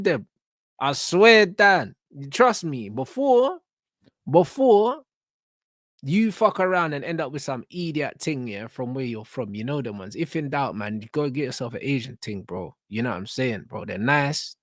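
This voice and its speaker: A man's voice: medium pitch, normal speed, no room sound, clean studio sound. A young man, ranting bluntly with lots of slang and swearing as he reacts to a video. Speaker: reaction channel host.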